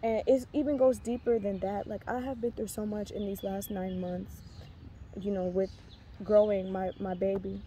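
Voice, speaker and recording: A woman's voice: mid-range voice, fairly even intonation, moderate pace, mellow, a little hiss or hum. A pregnant young woman rambling earnestly with many fillers and restarts as she shares a faith testimony in a casual vlog. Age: young adult. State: heavily pregnant. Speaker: faith vlogger.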